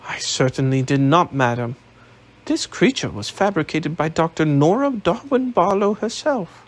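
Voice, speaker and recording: A man's voice: fairly high pitch, expressive, moderate pace, pitched above the performer's own voice. A man reading an audiobook, voicing a proud young Austrian nobleman who speaks formally and indignantly. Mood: earnest, indignant.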